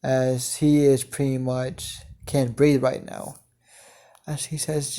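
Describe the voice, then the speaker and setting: Brief: man telling a story off the cuff, mellow gravelly voice, halting delivery. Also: medium pitch, little pitch movement. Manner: halting, many fillers and restarts, chained "as she" clauses. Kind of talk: improvised fan-fiction narration.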